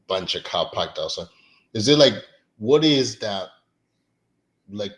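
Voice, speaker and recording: A man's voice: low voice, low-quality recording. A man hosting a podcast who asks chatty, loosely phrased questions in a casual interview. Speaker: podcast host.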